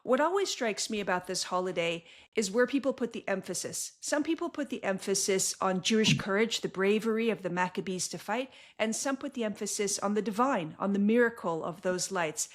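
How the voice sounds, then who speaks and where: A woman hosts a podcast at a mid-range pitch. She opens with a scripted intro, then asks her guest earnest, enthusiastic questions. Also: expressive, brisk, hardly any pauses. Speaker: podcast host.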